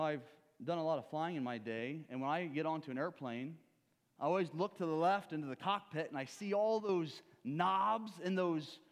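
In a large hall, a man preaches a sermon that swings between loud urging and hushed, low asides. He poses rhetorical questions and acts out stories.

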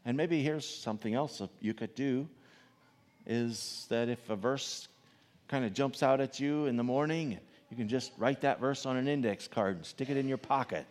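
A man preaching to his congregation in a mid-pitched voice. He delivers his sermon in an animated way, rising to loud, stressed questions and then dropping to quiet asides. His voice rings with the long reverb of a big hall. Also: normal speed. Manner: animated, swings between loud emphatic questions and soft asides. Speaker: pastor.

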